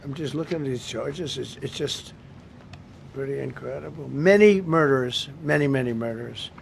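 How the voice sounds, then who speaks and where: A man's voice: mid-range voice, moderate pace, gravelly, slight background noise. A man speaking off the cuff at a press briefing, rambling, repetitive and emphatic.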